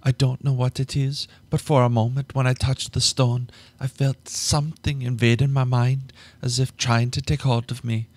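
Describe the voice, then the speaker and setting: A man voicing a frightened young woman in an audiobook, pitched far up and pleading in a trembling voice. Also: unhurried, few pauses, breathy edge.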